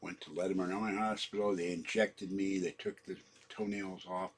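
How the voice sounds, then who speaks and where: A man's voice: low-pitched, flat delivery, moderate pace, slightly rough. A man in his seventies telling a meandering personal story, trailing off and correcting his own words, his throat sore from coughing. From San Francisco. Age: 70s. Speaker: channel host.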